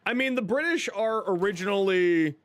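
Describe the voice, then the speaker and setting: A man's voice: high-pitched, animated, moderate pace, a bit bright. A young man streaming a video game, chatting casually with his viewers while he plays. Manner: chatty, answers chat while playing. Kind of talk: casual gaming livestream chat. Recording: game audio and background noise.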